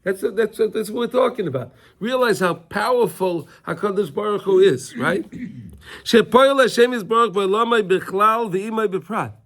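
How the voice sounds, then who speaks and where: Fairly high-voiced man teaching a Torah class. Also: animated, moderate pace, a bit bright. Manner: repetitive, conversational, often checking in with "right?".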